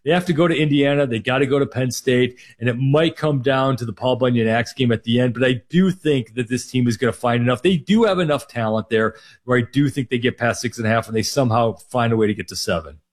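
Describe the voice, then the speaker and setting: A man's voice: medium pitch, quick pace, few pauses. Minnesota guy on sports radio, rambly, tons of fillers, just running through football picks. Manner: rambling, heavy on fillers like "you know" and "like". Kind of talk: sports betting talk on air.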